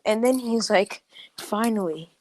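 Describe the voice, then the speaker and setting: A woman's voice: fairly high pitch, normal speed, slight background noise, rough recording. A young woman casually improvising a fan story, chatty and correcting herself as she goes.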